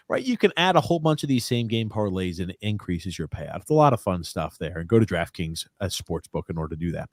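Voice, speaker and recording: A man's voice: lowish voice, no room sound, clean studio sound. A young man co-hosting a casual sports podcast, reading ads and comments in a rambling, joking way with many fillers. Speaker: podcast co-host.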